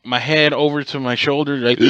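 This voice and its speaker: A man's voice: medium pitch, steady tone, measured pace, fairly bright tone, dry recording, dull audio. A man hosting his own podcast, telling a rambling, profane story in a casual way and correcting himself as he goes. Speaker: podcast host.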